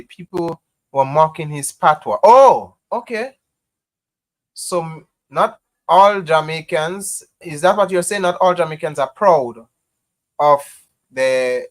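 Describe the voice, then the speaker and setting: A Grenadian-accented voice hosting a live stream, speaking to viewers in a loose, conversational way. The delivery is impassioned and insistent, with lots of repetition and frequent "you know" fillers. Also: mid-range voice. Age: adult parent.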